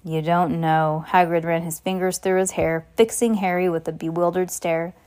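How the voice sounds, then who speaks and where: A woman's voice: lowish voice, little pitch movement, moderate pace, a little mellow. A woman reading a novel aloud in an unpolished way, with slips and asides to a listener. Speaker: reader.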